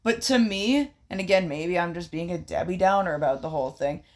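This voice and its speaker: A woman's voice: lowish voice, a little fast. A sleepy woman co-hosting a podcast, yawning her way through a casual chat. She talks bluntly and drops swear words without a second thought. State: tired, yawning. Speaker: podcast co-host.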